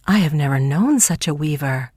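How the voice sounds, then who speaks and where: Woman voicing a gentle old farmer dad, gruff, exclaiming, lowered husky voice, dry storybook read. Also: lively intonation, moderate pace, dry recording. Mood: hearty. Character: kindly old farmer father.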